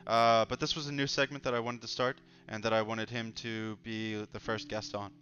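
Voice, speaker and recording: A man's voice: fairly low pitch, level tone, moderate pace, a bit bright, slight background noise. A man hosting a casual livestream conversation in an easygoing, joking way, reading comments out as he goes. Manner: easygoing, joking, reads chat aloud. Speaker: host. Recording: dull lo-fi stream audio with faint music.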